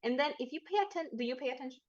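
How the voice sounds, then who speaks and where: A woman narrating as game master of a tabletop game, measured and acting out characters now and then. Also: high-pitched, dull audio.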